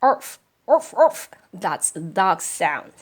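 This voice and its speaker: A woman's voice: mid-range voice, very animated. A woman voicing a patient but increasingly desperate mother dog in a storybook read-aloud. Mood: pleading. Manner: slow, emphatic, pleading.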